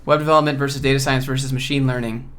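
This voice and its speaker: A man from Georgia hosting a casual livestream Q&A from home, relaxed and offhand as he reads and answers chat questions. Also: medium pitch, racing. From Georgia, USA. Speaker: coding YouTuber host.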